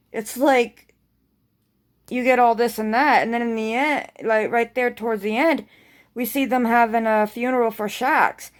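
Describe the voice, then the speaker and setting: A woman casually recapping a TV episode, rambling excitedly and swearing freely. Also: a little high. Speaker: TV episode reviewer.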